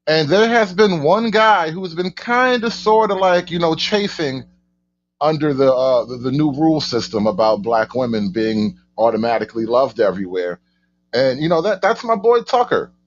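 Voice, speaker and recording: A man's voice: fairly high pitch, expressive, normal speed, dull audio. A man hosting a casual reaction commentary, stumbling over and repeating his words, with mock outrage and sarcasm. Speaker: host of a political commentary channel.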